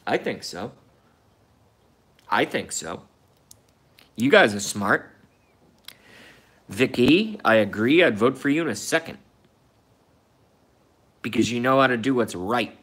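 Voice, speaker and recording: Heated and profane, a male live-stream host rants about politics, repeating himself and cursing often as he reads and responds to viewer comments. His mid-range voice is very animated, slow, fairly bright, and slightly rough, with frequent pauses.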